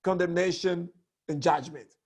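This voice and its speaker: A man teaching a lesson on public speaking, hoarse with a cracked voice, talking in an animated way that swoops between high and low tones. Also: unhurried. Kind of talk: online lesson.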